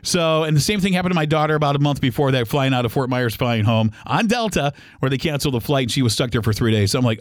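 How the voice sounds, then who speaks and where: A middle-aged man hosting a podcast, telling a travel story in a casual, animated, rambling way with many restarts. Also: fairly high pitch, fast talker, hardly any pauses, no room sound, studio quality. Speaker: podcast host.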